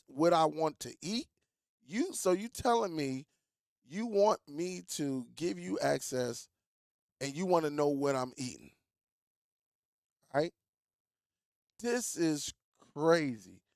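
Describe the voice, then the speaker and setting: A man's voice: a little high, a little mellow, no room sound, clean studio sound. A man hosting a tech vlog, talking casually and with feeling, repeating words for emphasis and calling his viewers y'all. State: coughing, throat catching. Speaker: tech YouTuber.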